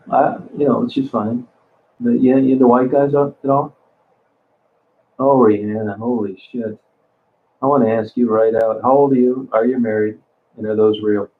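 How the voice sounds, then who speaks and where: A man's voice: mid-range voice, a little hiss or hum. Man, livestream host, blunt and crude, rambling; tinny phone-like audio. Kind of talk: casual live chat reading comments.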